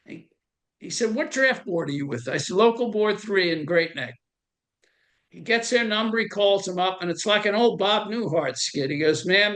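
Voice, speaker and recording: An older man, talking through his memories in a relaxed oral history interview. His voice sits high for a man. He slips into the voices of the people he quotes as he goes. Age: 70s. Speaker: veteran interviewee.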